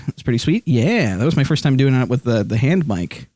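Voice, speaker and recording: A man's voice: medium pitch, big pitch swings, brisk, hardly any pauses, a little mellow, no room sound. A man streaming live, chatting casually and rambling with lots of ums and likes, speaking into a hand microphone.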